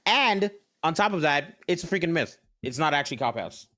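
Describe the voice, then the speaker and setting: A man's voice: on the high side, animated, brisk, bright, forceful tone. A man co-hosting a podcast in casual chat, argumentative and profane. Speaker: podcast co-host.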